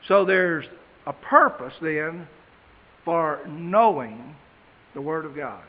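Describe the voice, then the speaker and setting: High-voiced preacher in a reverberant hall. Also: male voice, lively intonation, slightly rough. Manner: slow emphatic scripture reading, then plain conversational aside. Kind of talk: sermon with scripture reading. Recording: dull, echoey hall.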